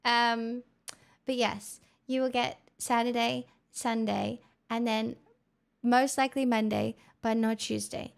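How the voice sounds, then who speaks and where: Creaky-voiced Australian woman streamer. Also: on the high side, flat delivery, slow pace. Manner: rambling, playful, drifts into soft murmurs. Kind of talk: casual livestream chat.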